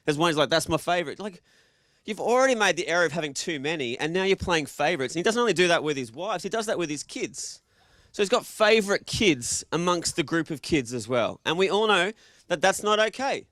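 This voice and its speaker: Brief: Australian male preacher, higher voice, jokey and casual, dry close sound. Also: expressive, brisk, fairly bright tone, no room sound. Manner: joking, casual, quizzes the audience. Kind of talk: interactive sermon to a live congregation.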